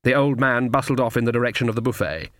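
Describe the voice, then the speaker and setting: A man's voice: medium pitch, fast talker, no room sound, studio quality. Man narrating a comic fantasy audiobook. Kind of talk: scripted narration.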